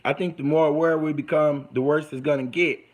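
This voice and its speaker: A man's voice: on the high side, steady tone, brisk, background noise. A man talking casually to his viewers, rambling and repeating himself as he promotes his social media pages. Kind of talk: casual talk to camera.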